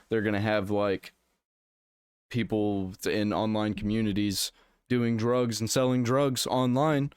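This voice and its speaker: Ranting man with a smooth dry voice. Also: on the low side, no echo. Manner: ranting, sarcastic. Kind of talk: casual reaction commentary.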